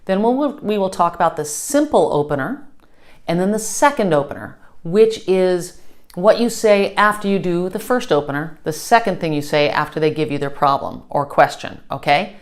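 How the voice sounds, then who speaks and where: A woman's voice: fairly low pitch, lively intonation, normal speed. A woman teaching a customer service lesson, upbeat and checking in often with "okay?". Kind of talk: instructional lesson.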